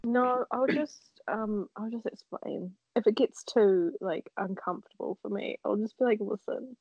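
A woman's voice: medium pitch, normal speed, a little mellow, slightly rough, no echo. A young woman co-hosting a casual chat, laughing, teasing and swearing freely. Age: young adult. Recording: dull lo-fi recording.

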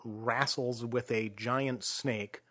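A man talks through a film at an easy, measured pace. His sentences drift softer as they close. It sounds like a relaxed conversation between two people. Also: medium pitch. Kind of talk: casual film discussion.

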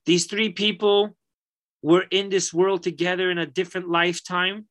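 A man teaching a Torah lesson, an animated and emphatic storyteller. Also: high-pitched, moderate pace.

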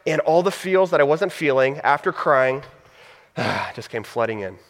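Young pastor in a reverberant hall. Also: male voice, fairly high pitch, animated, a little slow. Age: 30s. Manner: casual and heartfelt, with laughs and asides. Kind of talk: sermon storytelling.

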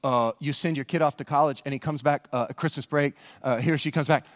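A male pastor preaching a sermon in a church, animated and rising to near-shouts for emphasis. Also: fairly high pitch, brisk, in a large hall. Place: church sanctuary.

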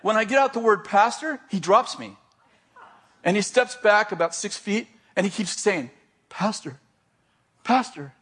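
A pastor with a notably high voice for a man, telling a story from the pulpit. He is lively and self-deprecating, tripping over his words and restarting as he builds the scene. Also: moderate pace. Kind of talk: sermon storytelling.

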